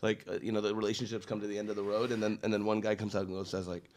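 A man's voice: fairly low pitch, little pitch movement, rapid-fire, a little mellow. Man riffing in casual comedy chat. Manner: rambling, joking storyteller. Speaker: podcast guest.

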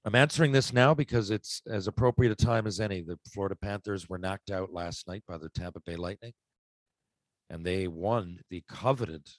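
Man, podcast host, low voice, chatty, meandering, dry. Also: moderate pace, dry recording. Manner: rambling, conversational, self-interrupting. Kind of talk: casual solo podcast monologue.

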